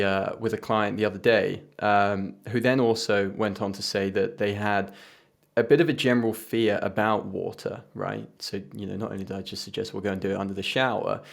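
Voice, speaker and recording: Low gravelly man, quiet and hesitant. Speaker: co-host therapist. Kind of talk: casual chat.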